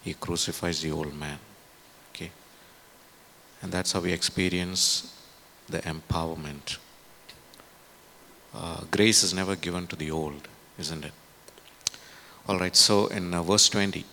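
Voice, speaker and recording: A man's voice: deep voice, fairly even intonation, unhurried, long pauses, pushed and bright, slight background noise. A man preaching a sermon in a conversational way, with many fillers and tag questions.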